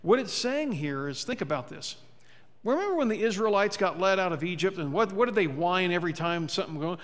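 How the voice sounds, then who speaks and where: High-voiced pastor in a reverberant hall. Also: male voice, expressive, fairly quick, fairly bright tone. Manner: conversational, humorous, acts out quoted voices. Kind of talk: sermon. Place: church sanctuary. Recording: long church hall reverb.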